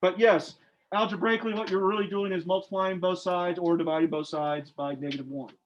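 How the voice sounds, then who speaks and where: A man's voice: high-pitched, steady tone, fairly quick. A man teaching algebra to a class, informal and joking, quizzing his students as he works through problems. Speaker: math teacher. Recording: dull lo-fi classroom recording.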